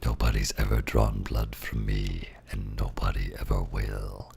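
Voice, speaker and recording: A growling pirate, extremely deep voice, heavy gravel, flat delivery. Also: male voice, unhurried, a little hiss or hum, exaggerated voice. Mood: menacing.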